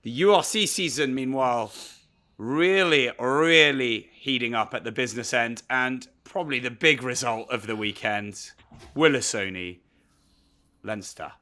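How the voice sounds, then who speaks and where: A man presenting a podcast, asking questions and running through results in a measured way. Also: mid-range voice, sharp tone. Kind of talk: casual chat and results roundup.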